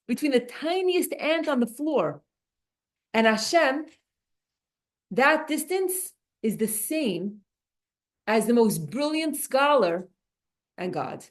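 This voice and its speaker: Woman, Torah class lecture, higher pitch, animated, repeated words and restarts. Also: slow pace, long pauses. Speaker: Torah teacher.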